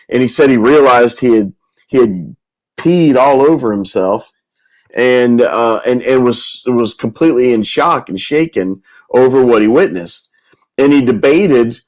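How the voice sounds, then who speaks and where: A man's voice: mid-range voice, poor audio. Rambling male round table host. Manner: rambling, with many restarts and repetitions. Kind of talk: casual retelling of a story.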